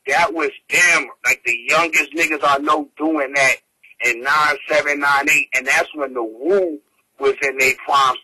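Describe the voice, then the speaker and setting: A man's voice: fairly high pitch, bright, forceful tone, rough recording. A man telling a story in casual, slangy street talk. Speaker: interviewee.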